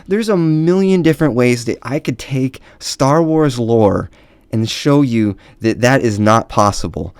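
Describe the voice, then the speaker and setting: A man's voice: mid-range voice, lively intonation, moderate pace, a little mellow, no room sound. A man ranting angrily about a film, swearing often and mocking in a sarcastic tone. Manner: profane, heated, sarcastic. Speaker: movie ranter. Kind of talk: angry profane rant.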